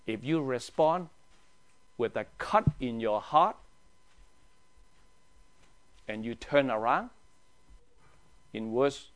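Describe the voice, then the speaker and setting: Animated pastor, questioning his class. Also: medium pitch. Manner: animated, asks the group questions, drops to a hushed tone for emphasis. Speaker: pastor leading a Bible study. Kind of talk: teaching sermon.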